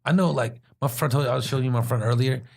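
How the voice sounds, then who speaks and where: A man's voice: medium pitch, steady tone, rapid-fire, creaky, darkish tone. A young man from Washington, D.C., hosting a podcast, telling rambling stories in casual chat with many restarts. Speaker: podcast host.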